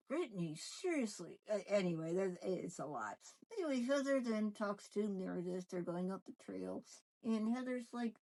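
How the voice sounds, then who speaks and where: A woman's voice: mid-range voice, lively intonation, moderate pace, dark tone, low-quality recording. A woman ventriloquist chatting casually in a gossipy back-and-forth banter, recapping a reality show.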